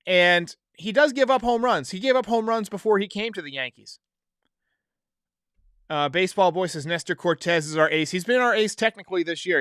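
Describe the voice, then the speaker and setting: A man's voice: on the high side, a bit bright, smooth, no echo, clean studio sound. A man hosting a casual sports podcast, chatting and reading viewer comments aloud. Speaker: podcast host. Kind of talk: casual live-stream talk.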